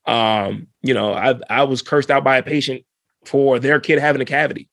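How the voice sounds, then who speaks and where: A male dentist as a podcast guest, telling stories in a relaxed, slangy way and acting out his patients' lines. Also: medium pitch, normal speed, gravelly, no echo. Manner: lively, acts out patient dialogue in quoted voices; laid-back, slangy. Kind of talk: casual interview storytelling.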